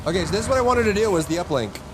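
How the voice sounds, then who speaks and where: A man narrating his live game stream in a lively voice that leaps up high when he yells, then drops low to muse. Rain noise sits clearly behind him. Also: racing. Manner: excitable, jumps to high yelps and mock insults at enemies. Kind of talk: live gameplay commentary.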